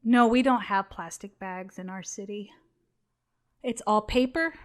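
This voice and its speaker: A young woman co-hosting a casual gaming podcast, chatty and quick to laugh. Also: medium pitch. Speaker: podcast co-host.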